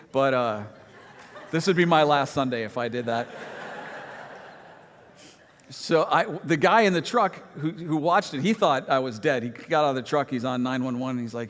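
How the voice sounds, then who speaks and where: A man preaching in a church sanctuary, telling a personal story in a relaxed, self-deprecating way with humorous asides. His voice sits at an ordinary middle pitch. A long reverb trails every phrase. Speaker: pastor.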